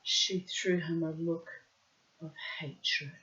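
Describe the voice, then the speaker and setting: A woman reading a story aloud as narrator, in a measured, even narrating voice. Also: fairly low pitch. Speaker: audiobook narrator. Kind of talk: scripted narration. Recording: dull lo-fi recording.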